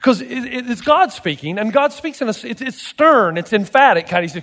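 A male pastor preaching with a high voice, animated and emphatic, pressing rhetorical questions on his listeners. His words ring through a church with long reverb. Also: a little fast, gravelly, hardly any pauses. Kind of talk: sermon.

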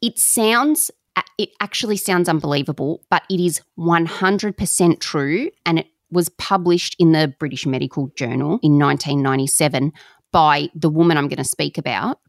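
Woman, low voice with a gravelly fry, dry close sound, lively casual storyteller, slangy, swears now and then. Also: moderate pace, dry recording. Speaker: podcast co-host.

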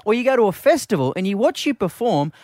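Animated breakfast radio co-host. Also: mid-range voice, fast talker, no echo, studio quality.

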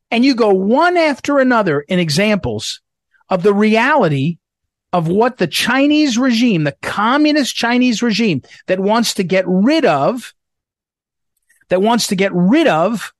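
A middle-aged man hosting a political talk show, speaking emphatically and repeating himself for stress. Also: dry recording. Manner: emphatic, repetitive, drops low when reading promos. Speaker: radio show host.

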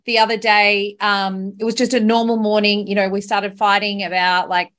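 A woman's voice: medium pitch, level tone, moderate pace, fairly bright tone. A woman hosting a podcast, telling a candid, emotional story about parenting. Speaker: podcast host. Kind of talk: casual podcast chat.

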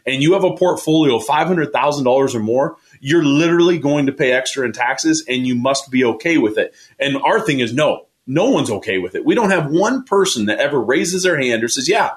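A man's voice: medium pitch, animated, fairly quick, few pauses. A man hosting a weekend radio finance show, talking with passion and pushing listeners to call in. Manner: passionate, pushy, repeats phone number. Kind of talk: energetic sales talk on radio.

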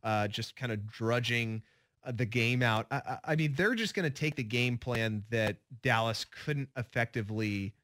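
A man's voice: mid-range voice, normal speed, fairly bright tone, a little hiss or hum. A man co-hosting a sports radio show, giving opinionated, joking takes in casual talk with many fillers.

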